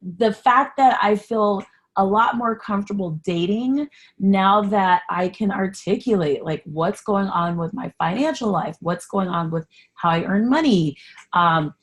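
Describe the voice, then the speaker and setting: A woman's voice: mid-range voice, unhurried. A woman hosting a solo podcast in a candid, chatty way, sarcastic about herself and passionately encouraging. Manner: animated, encouraging, gets passionate. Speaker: podcast host. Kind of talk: casual solo podcast talk.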